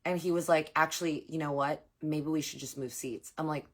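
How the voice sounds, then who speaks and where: A young adult woman telling a storytime to her viewers in a casual, animated way, acting out what others said. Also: low-pitched, moderate pace, slightly rough. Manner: animated, acts out quoted voices. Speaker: storytime vlogger.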